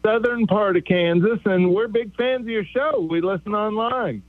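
Guy calling a radio show, high-ish voice, thin phone line sound, dead dry. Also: moderate pace, dry recording. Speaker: prank caller.

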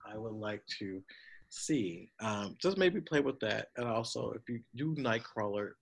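Husky-voiced man in casual chat. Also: lowish voice, measured pace. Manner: animated, rambling with fillers. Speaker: podcast co-host.

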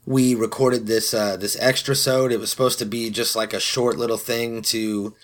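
A man's voice: mid-range voice, flat delivery, normal speed. Casual swearing podcast host, man. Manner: loose and swearing, self-mocking asides. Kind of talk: casual solo podcast intro. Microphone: studio podcast microphone.

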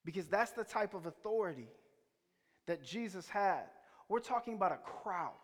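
A man's voice: high voice, lively intonation, moderate pace, slight background noise. A man preaching a sermon, telling stories in a conversational way and quizzing the congregation. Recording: reverberant hall.

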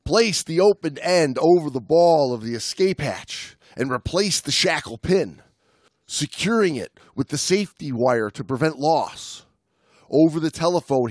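Pria pembawa podcast bersuara kering. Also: male voice, on the high side, dry recording, studio quality. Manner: relaxed, with many fillers and restarts. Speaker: podcast co-host. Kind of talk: casual chat and read history narration.

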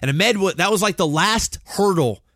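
A man in his thirties telling a story on a podcast, animated and full of swearing. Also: high voice, moderate pace, no room sound, clean studio sound. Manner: animated, swears a lot, acts out quotes. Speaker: podcast co-host. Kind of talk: casual storytelling.

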